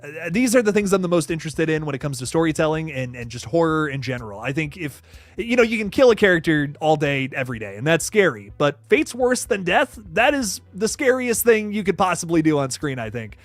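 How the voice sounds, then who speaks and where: Animated, rambling male horror host. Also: on the high side, a little fast, no room sound. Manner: animated, rambling, frequent restarts and laughs. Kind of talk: casual live chat reading comments.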